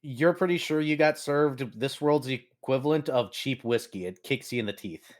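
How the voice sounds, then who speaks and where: A man narrating as game master of a tabletop game in a relaxed manner, laughing often. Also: medium pitch, normal speed.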